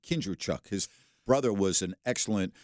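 A man hosts a sports radio show, chatting casually and telling stories as an animated storyteller who laughs while he talks. His voice is fairly low and his pace moderate. The audio has studio quality with no echo, recorded on a studio microphone.

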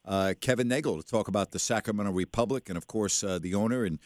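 A man's voice: on the low side, fast talker, dry recording, studio quality. A man hosting a sports radio show, chatting casually and telling stories with laughter. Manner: animated storyteller, laughs while telling. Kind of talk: casual radio chat and storytelling. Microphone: studio microphone.

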